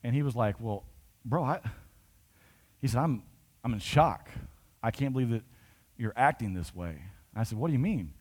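A man's voice: medium pitch, lively intonation, normal speed, pauses often, darkish tone. A man pastor telling a story in a conversational sermon, building to emphatic points.

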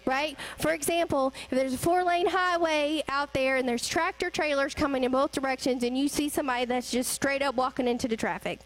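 High-voiced woman preaching. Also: fairly quick, few pauses, low-quality recording. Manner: conversational, addresses congregation directly, rhetorical questions. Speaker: church speaker. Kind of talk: sermon.

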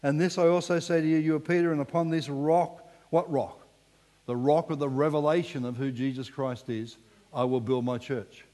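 A man preaching a sermon with animated delivery, sometimes falling to a hushed emphasis. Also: on the high side, normal speed. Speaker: pastor. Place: church hall. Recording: long reverb in a church hall.

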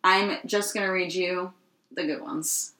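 A young woman co-hosting a podcast, telling stories in a casual, animated way, laughing and swearing often. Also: fairly low pitch, measured pace, echoey room. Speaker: podcast co-host. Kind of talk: casual chat.

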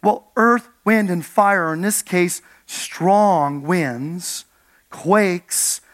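A man preaching a sermon as a pastor, dropping soft and low for gentle quoted words and building to emphatic points. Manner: drops soft and low when quoting God's gentle words; builds to emphatic points, then slows for weight.

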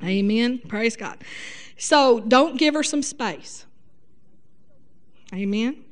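High-voiced folksy woman preacher. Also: slow pace. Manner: lively, folksy, punctuated with hallelujahs and laughter. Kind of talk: sermon.

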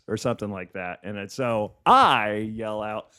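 Animated, swearing male comedian telling a story. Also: medium pitch, moderate pace, hardly any pauses. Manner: animated, profane, laughs often while telling a story. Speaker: comedian and podcast host. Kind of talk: casual storytelling chat.

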